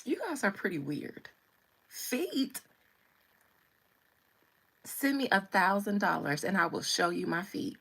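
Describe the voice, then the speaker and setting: A woman's voice: mid-range voice, very animated, slow pace, creaky, long pauses, a bit bright, husky. A woman doing a live-stream tarot session, reading out viewer comments in a sassy, playful, teasing way.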